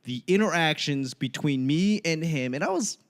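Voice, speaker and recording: A man in his late thirties, a stand-up comedian hosting a casual podcast chat, who talks in an animated way, laughs often and acts out the lines he quotes. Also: fairly high pitch, normal speed. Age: late 30s.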